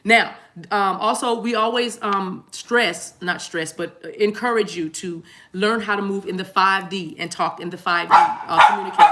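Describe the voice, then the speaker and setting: A woman's voice: medium pitch, normal speed, pushed and bright. A woman doing a casual spiritual card reading who talks in a chatty way, laughs often and repeats herself. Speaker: tarot card reader.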